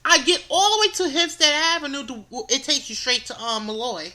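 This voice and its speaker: Young new woman on a podcast, high bright voice, ranting and retelling stuff for laughs. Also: a little fast. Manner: animated, exasperated, repeats words for comic effect. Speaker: podcast co-host. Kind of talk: casual storytelling.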